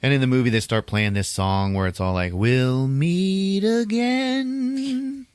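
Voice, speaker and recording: A man retells a movie to his co-hosts in a loose, chatty way, laughing often and acting out quotes from it. His voice is very low and deep. The recording is dry and close, with no room sound. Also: quick pace, clean tone, dry recording. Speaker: podcast host. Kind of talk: casual movie recap.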